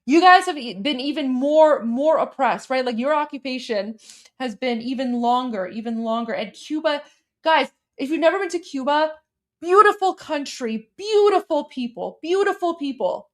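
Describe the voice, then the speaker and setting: A woman hosting a casual livestream with a high, light voice. She gushes and repeats herself excitedly. She keeps calling her viewers "guys". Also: normal speed. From Iran. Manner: gushing and excitable, many repeated phrases. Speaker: livestream host.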